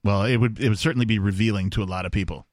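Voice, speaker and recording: A man's voice: on the low side, steady tone, racing, no room sound. A man hosting a casual talk radio show, chatting with fillers and asides. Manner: conversational, drawls with fillers. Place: radio studio.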